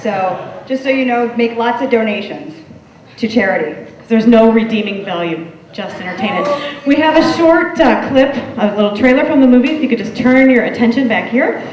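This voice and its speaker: A woman's voice: on the high side, expressive, normal speed, a little mellow, recorded from a distance. Jokey woman host in an echoey hall. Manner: jokey, addressing the audience. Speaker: contest host. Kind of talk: announcing to an audience. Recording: echoey hall, dull sound, from afar.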